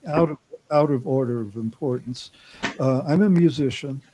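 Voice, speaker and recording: A man's voice: mid-range voice, normal speed, warm tone, poor audio. A man from New York with a New York accent, a guest talking in a chatty, reflective, self-deprecating way. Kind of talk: casual chat on a call-in show.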